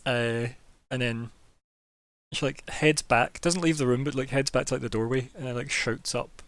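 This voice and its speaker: A man's voice: mid-range voice, moderate pace, fairly bright tone, no echo. Guy running a d&d game, rambly casual narration, medium voice, dry close sound. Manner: loose, filler-heavy describing. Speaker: game master.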